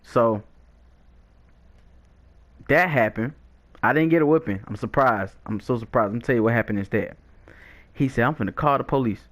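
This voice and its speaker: A young man telling a lively, slangy storytime with frequent laughs, chatting while he plays a video game. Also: medium pitch, moderate pace, long pauses. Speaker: gaming YouTuber.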